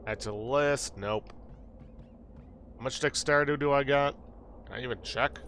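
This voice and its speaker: A man's voice: medium pitch, measured pace, a bit bright, a little hiss or hum. A man hosting a game playthrough, reading the game's text aloud and adding wry, dry asides. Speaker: let's play host.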